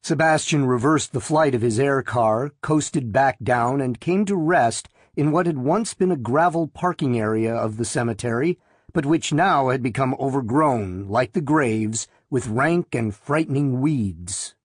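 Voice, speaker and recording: A man narrating an audiobook in a measured, deliberate reading voice. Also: mid-range voice, breathy edge, no room sound, clean studio sound.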